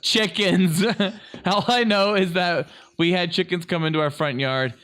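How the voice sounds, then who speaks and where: A man with a fairly high voice, chatting loosely on a podcast and cracking jokes. He sounds like he is in his thirties. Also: a little slow, fairly bright tone. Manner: joking, breaks into silly voices. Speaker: podcast co-host. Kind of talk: casual chat.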